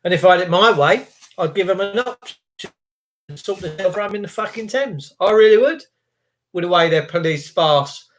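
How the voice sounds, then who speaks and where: A high-pitched man hosts a live stream and rants angrily. He swears freely and mixes sarcasm into his complaints. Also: lively intonation, moderate pace. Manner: angry, sweary, sarcastic ranting. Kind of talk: ranting live-stream chat.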